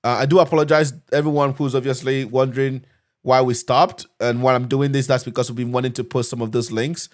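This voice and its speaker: A man's voice: medium pitch, flat delivery, brisk. A man hosting a live screen-share tutorial on cybersecurity, chatty and upbeat, talking straight to his viewers. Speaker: cybersecurity instructor hosting a live learning session.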